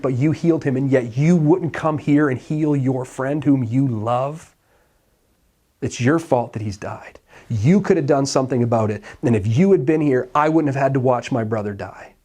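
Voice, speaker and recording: A man's voice: medium pitch, darkish tone, close to an everyday voice. A man voicing a heartbroken, grieving woman who blames a friend in a pleading, accusing way.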